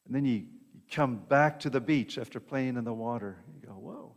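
A man's voice: mid-range voice, fairly quick. A man preaching a sermon in a conversational way, often checking in with the congregation and repeating words as he goes. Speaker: pastor. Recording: long reverb of a hall.

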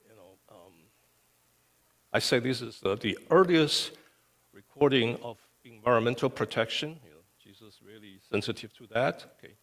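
A man's voice: mid-range voice, normal speed. A male pastor preaching a sermon with emphasis, often checking in with "okay". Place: church sanctuary. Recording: long reverb of a church hall.

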